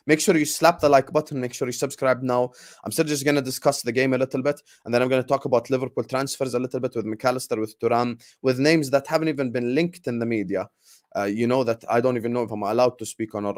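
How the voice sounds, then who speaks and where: Excitable man hosting a football livestream. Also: medium pitch. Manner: excited, repetitive, keeps urging viewers to like and subscribe. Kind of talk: casual live-stream football chat.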